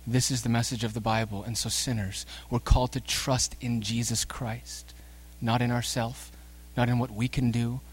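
A husky-voiced man gives a sermon, speaking straight to the congregation. He alternates between soft, slow passages pitched low and loud, emphatic outbursts.

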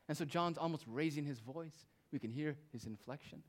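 A male pastor preaching a sermon, moving between loud, emphatic phrases and quiet, hushed asides. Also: fairly high pitch, a little fast.

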